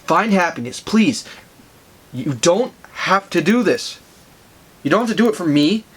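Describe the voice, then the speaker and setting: A man reading a grave older father's solemn, heartfelt farewell from a comic, slow and low. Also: lively intonation, a bit bright, slightly rough, exaggerated voice. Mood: solemn, tender.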